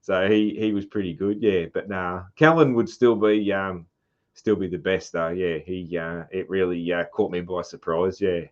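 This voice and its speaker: A man with an Australian accent hosting a podcast, chatting casually and filling pauses with "uh" and "man". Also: low-pitched, lo-fi sound. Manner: laid-back, lots of "uh" and "man". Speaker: podcast host. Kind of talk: casual interview chat.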